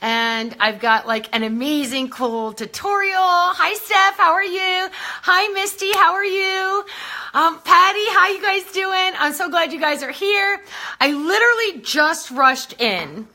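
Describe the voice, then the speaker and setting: Woman, slightly breathless, greeting fans live in a high, bright voice. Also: a little slow. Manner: chatty, greets viewers by name. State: a little out of breath. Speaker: beauty brand host. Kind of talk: casual livestream chat.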